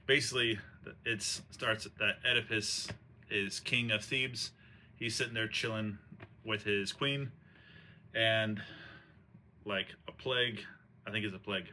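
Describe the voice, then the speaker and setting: A man with a lowish, pushed, bright voice retells an old tragedy as a host recapping a play. His storytelling is casual and rambling, packed with slang, fillers and restarts, and there's slight background noise.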